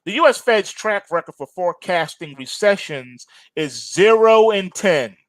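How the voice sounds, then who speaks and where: A man's voice: high voice, animated, measured pace, fairly bright tone, no room sound. A man hosting a market commentary monologue, sardonic and emphatic, mocking as he goes.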